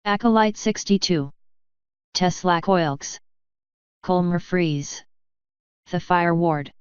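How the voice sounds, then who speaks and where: A woman reads out a long list of names in a slow, even cadence, her voice smooth and resonant and a little low for a woman. The recording is dry and dull. She sounds like the regular reader of a fanfiction audio channel. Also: no room sound. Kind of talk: reading a list of supporter names.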